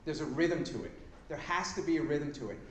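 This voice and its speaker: A man giving a live workshop talk to an audience, casual, energetic and blunt, now and then swearing. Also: fairly high pitch, brisk. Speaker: seminar presenter. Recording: echoey room with background noise.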